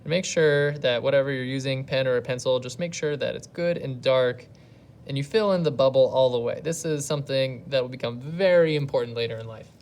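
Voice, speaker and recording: A patient elementary school teacher records a video lesson for pupils learning at home. She has a bass voice with a darkish tone and talks a little fast. She thinks aloud step by step as she teaches.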